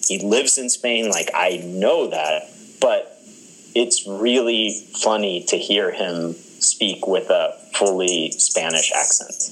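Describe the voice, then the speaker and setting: A man's voice: low-pitched, slow pace, fairly bright tone, poor audio. A man co-hosting a podcast in casual chat, rambling with amused asides. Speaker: podcast co-host.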